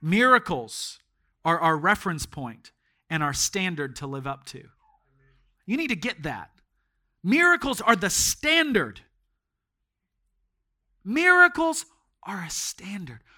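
A man's voice sits high as he preaches to his church as pastor. Between stories, his delivery ranges from hushed to shouted.

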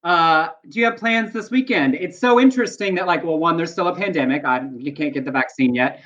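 A man co-hosting a casual live internet show, telling jokes and stories with lively energy. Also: a little high, fairly quick, muffled recording. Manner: animated, joking storyteller. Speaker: co-host.

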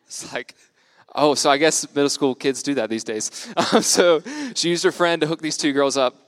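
A young American church speaker in his 20s gives a casual sermon built on storytelling. He is upbeat and jokes at his own expense, laughing often, in a slightly high voice at normal speed on a dry recording.

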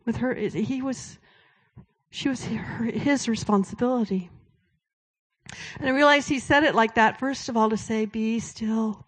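A woman giving a sermon-style testimony, telling a story in a conversational way and dropping to a hushed whisper for quoted words. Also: fairly high pitch, fairly even intonation, a little slow, slightly rough. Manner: storytelling, drops to a hushed whisper when quoting God. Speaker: speaker at a Christian event.

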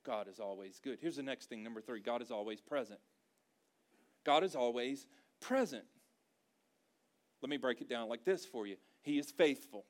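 A man's voice: medium pitch, quick pace, hardly any pauses. A man preaching a sermon to a congregation in a church, with a conversational style and emphatic repeated phrases. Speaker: pastor.

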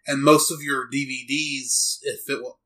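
A man's voice: mid-range voice, flat delivery, measured pace, pushed and bright. A man co-hosting a casual movie review podcast, explaining details in rambling bursts that trail off into mumbles. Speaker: podcast co-host.

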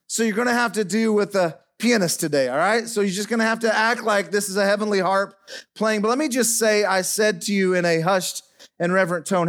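A middle-aged man preaching a sermon as pastor in a church, dropping soft and low as he speaks over piano. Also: brisk. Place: church sanctuary. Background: faint piano playing.

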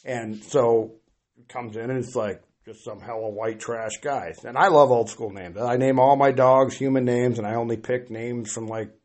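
A man's voice: medium pitch, fairly even intonation, normal speed, darkish tone. A middle-aged man on a podcast, talking in a rambling, self-deprecating way with lots of hesitant restarts. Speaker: podcast guest. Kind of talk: casual podcast chat.

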